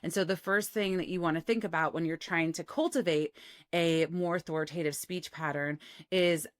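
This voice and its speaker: A woman working as a voice coach, giving an instructional talk and demonstrating techniques with a clean, clearly phonated voice while she varies her resonance and cadence. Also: fairly low pitch, steady tone, moderate pace, no room sound, clean studio sound.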